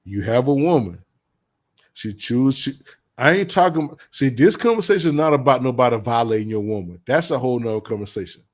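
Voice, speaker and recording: Man, mid pitch, blunt preachy vlogger who repeats his points. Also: expressive, fairly quick. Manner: blunt, preachy, heavy slang, repeats insults with bursts of laughter. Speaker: commentary vlogger. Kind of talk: casual advice monologue.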